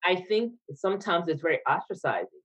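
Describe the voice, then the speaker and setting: A woman's voice: lowish voice, very animated, fairly quick, a bit bright, poor audio. A woman who is a podcast guest, thinking aloud in a hesitant, reflective way during casual conversation.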